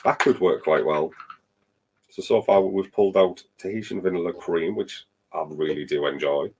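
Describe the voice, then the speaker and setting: Husky low-voiced man chatting. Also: moderate pace, darkish tone. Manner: chatty, laughs often. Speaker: livestream host. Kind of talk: casual live chat.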